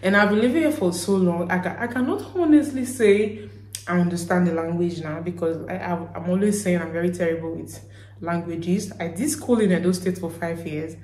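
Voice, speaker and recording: A woman's voice: lowish voice, a little fast, darkish tone. A woman with a Nigerian accent, chatting casually to her vlog audience and acting out little bits of dialogue as she rambles and corrects herself. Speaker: vlogger. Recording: roomy echo.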